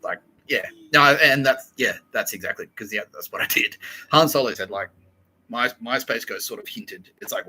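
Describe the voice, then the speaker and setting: Young man, cursing podcast host, sharp, tense voice, lowish pitch. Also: animated, moderate pace, a little hiss or hum, low-quality recording. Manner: rambling, profane, laughs a lot. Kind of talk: casual comedic monologue.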